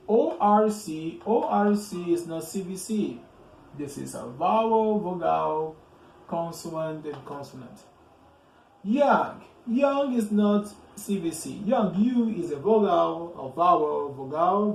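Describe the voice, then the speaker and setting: A man teaching English grammar, speaking slowly and deliberately, repeating each word and asking "okay?" to check understanding. His voice sits a bit high for a man, and a roomy echo with faint background ambience surrounds it. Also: gravelly, a little mellow, slight background noise. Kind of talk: slow, deliberate grammar lesson.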